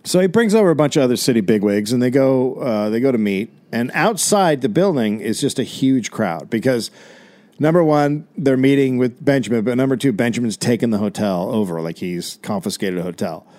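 A man, a comedian and podcast host, telling a history story in a deadpan comic way. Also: medium pitch, fairly quick.

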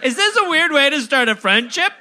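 Bright-voiced man cracking dry jokes. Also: very high voice, big pitch swings, brisk, a little hiss or hum. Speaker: podcast co-host. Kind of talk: casual comedy podcast banter. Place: live podcast stage.

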